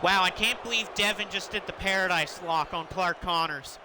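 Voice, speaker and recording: A high-voiced man rambles excitedly over a wrestling video game, laughing and yelling at the ref. The home recording carries a clear layer of background noise. His talk is loose and chatty. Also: normal speed. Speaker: gaming commentator. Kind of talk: casual let's-play commentary.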